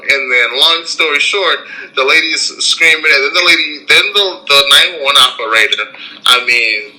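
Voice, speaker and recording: A man's voice: fairly high pitch, normal speed, sharp tone, poor audio. A man hosting a podcast, commenting in a rambling, indignant way, full of fillers. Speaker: podcast host. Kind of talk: casual commentary.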